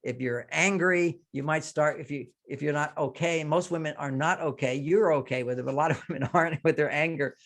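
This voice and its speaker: Older man explaining relationships, higher-pitched. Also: brisk, hardly any pauses, a bit bright. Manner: explains with quoted example lines. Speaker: relationship author and guest. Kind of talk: conversational advice interview.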